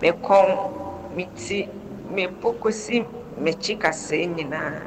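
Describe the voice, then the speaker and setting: A man's voice: high voice, takes it slowly. A man describing his pains and repeating prayers briefly during a healing service. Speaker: congregant seeking healing. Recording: noisy background.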